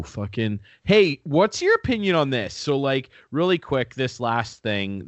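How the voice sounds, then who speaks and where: A man's voice: fairly low pitch, no room sound. A young man co-hosting a casual podcast, rambling, swearing freely and poking fun at himself. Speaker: podcast co-host.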